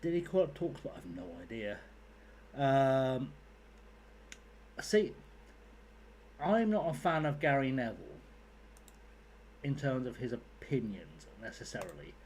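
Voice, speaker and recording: Playing a game on his YouTube channel, a man rambles casually and swears as he goes, tossing out chatty asides. He has a medium-pitched, somewhat mellow voice, with a bit of noise behind him.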